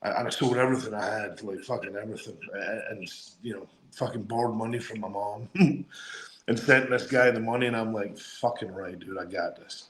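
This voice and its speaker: A man's voice: on the low side, steady tone, fairly quick, fairly bright tone, roomy sound, slight background noise, low-quality recording. Scottish man telling profane stories. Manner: profane, laughing anecdotes. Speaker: guest, former wrestler. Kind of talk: casual storytelling.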